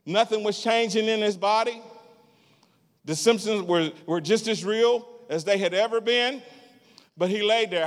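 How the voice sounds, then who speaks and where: A man preaching in a church, his voice on the higher side and trailing off into a long reverb. He tells a story and keeps breaking into loud, rhythmic bursts of laughter. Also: unhurried. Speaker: guest preacher. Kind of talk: sermon. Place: church sanctuary.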